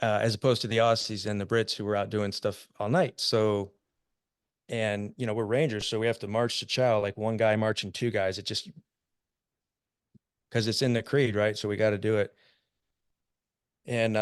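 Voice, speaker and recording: A man's voice: lowish voice, little pitch movement, normal speed, smooth, dry recording, clean studio sound. An American man in his fifties, a podcast guest telling war stories in a casual, laughing way. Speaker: podcast guest, army veteran. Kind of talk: casual storytelling.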